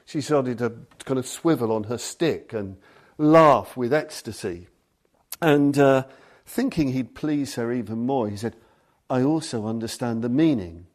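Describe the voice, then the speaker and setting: Male Buddhist teacher, unhurried talk, tells stories and reads passages, mid-pitched. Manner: storytelling, reads passages aloud. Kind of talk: dharma talk.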